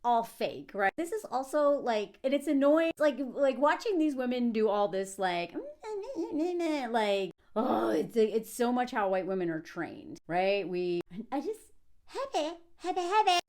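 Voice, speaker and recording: A woman talks through a TV scene in a casual reaction commentary. Her voice sits high and bounces all over with lively swings. She laughs often and slips into acting out lines from the scene. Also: unhurried, few pauses. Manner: animated, laughs often, acts out scene quotes.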